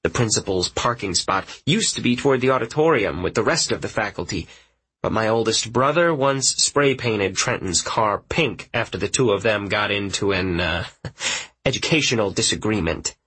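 A man narrating a first-person story in an audiobook, in a quiet, measured way. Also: on the low side, expressive, husky, low-quality recording.

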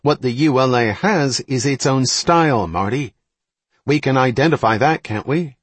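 Man voicing a pushy, husky intelligence analyst. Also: medium pitch, moderate pace, no room sound, pitched above the performer's own voice, lightly acted. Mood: insistent. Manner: pressing, argumentative. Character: sharp, probing male intelligence analyst.

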